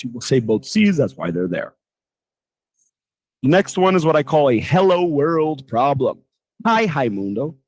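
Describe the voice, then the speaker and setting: A man teaching a pronunciation lesson, demonstrating sounds with lively exaggeration. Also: medium pitch, no echo. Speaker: English teacher.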